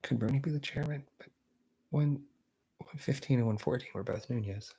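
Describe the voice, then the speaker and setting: A man telling a story by reading a transcript aloud. He keeps breaking off to mutter to himself, low and offhand. His pitch sits in the middle range. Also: normal speed, creaky, breathy edge. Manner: muttering quiet asides to himself. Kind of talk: casual read-aloud with asides.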